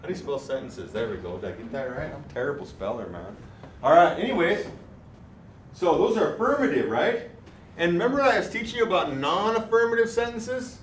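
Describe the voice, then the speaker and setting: A man teaching a language class, saying words slowly and clearly so the students can repeat them. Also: fairly high pitch, expressive. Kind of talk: classroom lesson. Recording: echoey room, mic far off, faint noise.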